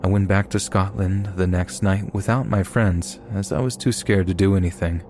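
A man with a very deep voice reads submitted horror stories in a measured, steady way. Soft music plays faintly under the narration. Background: soft background music.

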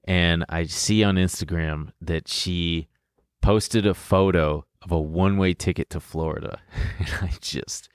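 A young man chats through a long personal tale, rambling and swearing with bursts of laughter. His voice sits on the low side. The sound is dry and close, with no room echo. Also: fairly even intonation, unhurried, smooth. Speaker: podcast co-host. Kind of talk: casual storytelling chat.

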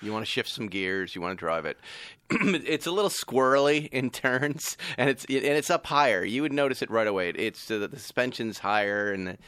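Lively teasing male podcast host. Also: mid-range voice, normal speed, no room sound, clean studio sound. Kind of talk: casual chat.

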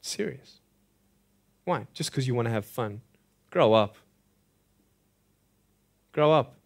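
A man's voice: mid-range voice, slow. A young man giving an earnest, emphatic motivational speech to students. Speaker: motivational speaker.

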